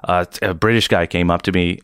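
Canadian podcast host dude, low dry voice, swears a lot, gets squeaky when joking. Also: male voice, fairly even intonation, fairly quick, a bit bright, smooth, no echo. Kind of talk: casual chat.

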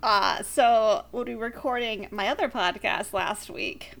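A woman's voice: on the high side, measured pace, vocal fry, over a noisy crowd. A woman co-hosting a podcast, chatting casually, laughing often and swearing bluntly. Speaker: podcast co-host. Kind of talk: casual chat.

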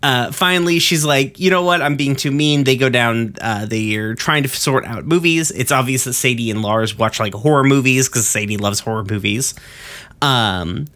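His tone is sharp and his pace moderate as this podcaster loosely rehashes an episode. The recap wanders, peppered with ums, uhs, and swearing, and he does quotes in raised, higher-pitched voices.

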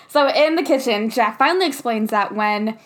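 A woman's voice: fairly high pitch, lively intonation, measured pace. A young woman casually recapping a movie as a podcast co-host, laughing often and acting out quoted lines in playful voices.

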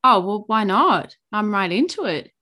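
A woman guest with an Australian accent, talking in an animated, chatty way with many restarts. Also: mid-range voice, normal speed. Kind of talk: podcast interview.

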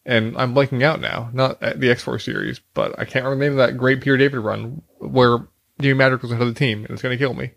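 A man's voice: mid-range voice, expressive, quick pace, creaky, fairly bright tone, dry recording. A man co-hosting a podcast in casual chat, rambling and hesitant, with lots of fillers. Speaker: podcast co-host.

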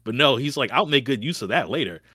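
A man's voice: mid-range voice, expressive, quick pace, sharp tone, breathy edge, no room sound, studio quality. A man co-hosting a podcast in casual chat, joking and laughing at his own quips. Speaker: podcast co-host.

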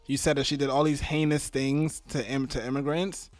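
An American man chatting casually, animated and slangy, swearing and laughing. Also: medium pitch, normal speed. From United States. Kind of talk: casual political chat.

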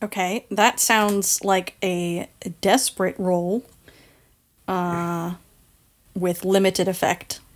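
A woman running a tabletop game as game master, narrating with frequent laughs and halting fillers. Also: lowish voice, level tone.

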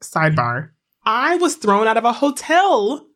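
A young woman co-hosting a casual podcast, telling stories with animated energy and frequent laughter. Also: on the high side, unhurried. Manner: animated storyteller, laughs often. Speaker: podcast co-host. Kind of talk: casual chat.

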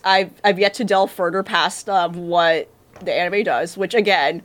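A woman's voice: medium pitch, animated, normal speed, fairly bright tone. A woman co-hosting a podcast, chatting casually and rambling with many fillers and restarts. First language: English. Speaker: podcast co-host. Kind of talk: casual chat about anime dubs.

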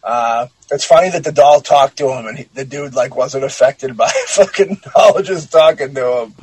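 Dude with a husky voice reading a creepy story then riffing on it, swears a lot, dry close sound. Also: male voice, mid-range voice, normal speed, darkish tone, dry recording, rough recording. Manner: blunt and joking, swears freely. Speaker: podcast co-host. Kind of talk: casual chat, reading a story aloud.

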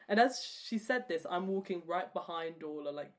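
A woman's voice: fairly low pitch, normal speed. A young woman co-hosting a podcast, telling stories in a self-mocking, chatty way. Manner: animated storyteller, self-mocking. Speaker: podcast co-host. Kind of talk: casual chat.

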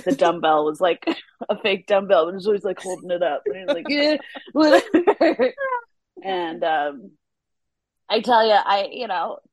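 A woman's voice: fairly low pitch, moderate pace, dry recording. A woman TV writer, a podcast guest, chatting casually with lots of fillers and frequent laughs. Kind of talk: casual interview chat.

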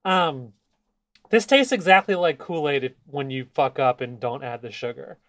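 A young man co-hosting a casual chat, animated and profane and laughing often. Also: mid-range voice, moderate pace, dry recording, clean studio sound. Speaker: podcast co-host.

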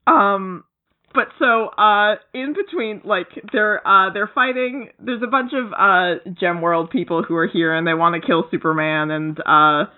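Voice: medium pitch, a little slow. A podcast co-host gushing about a comic in casual chat, rambling with lots of fillers and acting out characters' lines. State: giddy, laughing through words. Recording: tinny phone-like line.

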